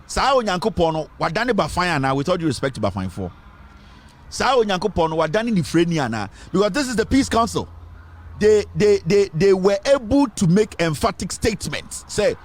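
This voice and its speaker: Here a man hosting an online news program talks politics in a slightly high, expressive voice, fairly quickly, with a Ghanaian English accent. His style is emphatic and repetitive, and he alternates between English and Twi.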